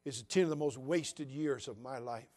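Speaking at a normal speed in a mid-range voice, an older preacher from California tells his sermon as a folksy, dramatic story. When quoting others, he mimics them in a hushed voice.

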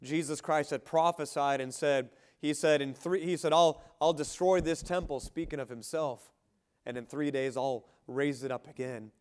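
A man preaching a sermon with fervor, calling for amens, swinging from rising shouts to quiet, slowed lines. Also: fairly high pitch, clean tone. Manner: fervent preaching, rising shouts and quiet drops, asks congregation for amen. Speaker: pastor.

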